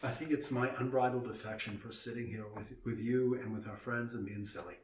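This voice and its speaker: A man hosting a casual chat at a table, teasing his co-host and stalling with slow breathing exercises. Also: mid-range voice, fairly even intonation, recorded from a distance, a little hiss or hum. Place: indoors at a table. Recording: roomy echo.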